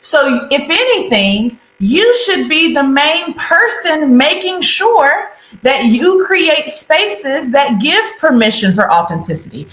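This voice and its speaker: A woman's voice: sits high, big pitch swings, takes it slowly, few pauses, fairly bright tone. Earnest woman guest in a roomy space. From North Carolina. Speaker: guest, leadership advocate. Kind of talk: casual interview conversation. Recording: roomy echo.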